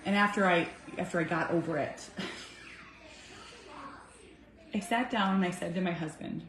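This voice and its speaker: A woman in her thirties, a mother talking heartfelt and earnest to her viewers, swinging from soft to emphatic. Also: fairly low pitch, quick pace. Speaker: vlogger, mother. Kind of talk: heartfelt casual talk to camera. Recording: echoey room with faint music.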